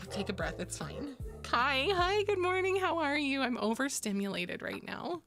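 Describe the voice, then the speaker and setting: A woman's voice: high voice, big pitch swings, unhurried, vocal fry, fairly bright tone, faint music behind. A young adult woman streaming and chatting casually with her viewers, bubbly, laughing often and swearing casually. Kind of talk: casual chat with live chat.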